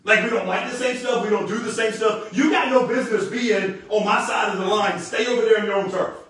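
A man's voice: high-pitched, steady tone, a little fast, fairly bright tone. A man voicing a brash, defiant biblical prophet with a streetwise, tough-talking manner. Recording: very echoey room, distant mic.

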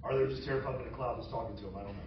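A man preaching a sermon as pastor, animated and humorous as he retells a story. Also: mid-range voice, racing, noisy background. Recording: roomy, distant, dull sound.

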